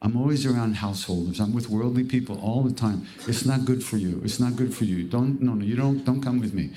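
A man's voice: medium pitch, brisk, dark tone, natural voice. A man voicing an old male guru who sounds puzzled and keeps repeating himself. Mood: earnest.

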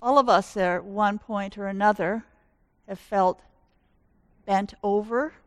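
A woman pastor giving a sermon in slow, measured storytelling. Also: medium pitch, fairly even intonation, no room sound.

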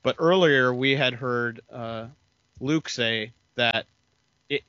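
Podcast co-host man, bright voice, plot explainer, dull dry lo-fi audio. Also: mid-range voice, takes it slowly, dry recording. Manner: explanatory, retells scenes with quoted lines. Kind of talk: casual chat recapping a TV episode.

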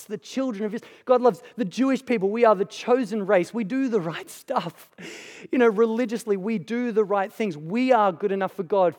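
A man's voice: sits high, darkish tone. A man delivering a conversational sermon as a pastor, emphatic and chatty, with asides to the congregation. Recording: hall reverb.

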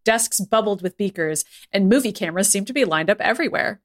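A woman's voice: mid-range voice, expressive, brisk. A woman co-hosting a podcast, reading a silly fan story aloud with playful laughter. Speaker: podcast co-host. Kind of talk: comedic reading of fan fiction.

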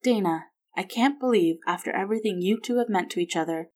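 Woman reading as a soft-spoken, caring grandmother. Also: mid-range voice, fairly quick, close to an everyday voice. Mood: gentle.

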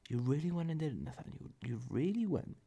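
A man imitating a calm, unbothered mother, in a sing-song, mocking voice. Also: a little high, quick pace, pitched above the performer's own voice. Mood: teasing.

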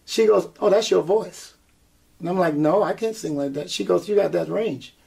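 Gravelly man telling a lively story. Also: high-pitched, normal speed. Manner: animated storyteller, acts out quotes, laughs often. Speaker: guest singer and performer. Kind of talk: storytelling interview.

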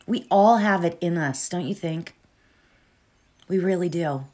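An earnest woman talks in a slow, unhurried way as she leads into a meditation, her voice sitting fairly low. She often checks in with her listeners by asking "right?". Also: darkish tone. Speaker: meditation guide. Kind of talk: reflective talk before a guided meditation.

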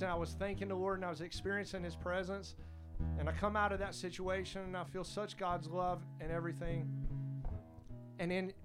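Fervent high-voiced male preacher. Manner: fervent, emphatic preaching with repeated exhortations. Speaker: pastor. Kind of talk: sermon.

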